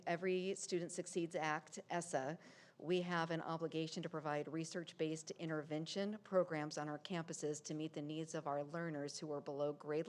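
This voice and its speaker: A woman with a notably low voice speaks at a school board meeting. She presents as district staff, steady and explanatory, with the odd filler as she goes. The delivery is formal and measured.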